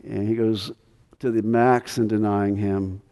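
A man preaching an expository sermon, pressing his points with emphasis and then dropping to a quiet, intense delivery. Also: lowish voice, little pitch movement, unhurried. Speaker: pastor. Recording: long hall reverb.

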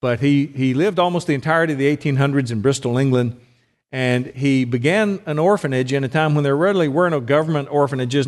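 In a big-room setting, a middle-aged preacher with a mid-range voice gives a sermon that feels like a conversation. He regularly poses questions to the people listening.

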